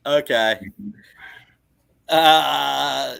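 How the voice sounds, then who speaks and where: Bright-voiced enthusiastic man pitching art. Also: very slow, vocal fry, clear, resonant tone. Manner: enthusiastic, rambling. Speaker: comic art dealer. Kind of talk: casual sales pitch.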